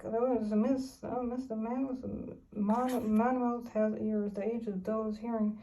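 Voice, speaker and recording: A woman talks in a long, rambling monologue, halting often and restarting her sentences. Her voice sits a little high and sounds dark and mellow. She is some way from the mic in an echoey room. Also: fairly even intonation, far from the mic. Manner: halting, many fillers and restarts. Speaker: vlogger.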